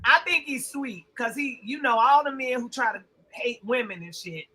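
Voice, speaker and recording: A woman's voice: fairly high pitch, moderate pace, crowd noise, poor audio. A woman co-hosting a podcast, ranting bluntly and profanely in casual heated chat. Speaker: podcast co-host.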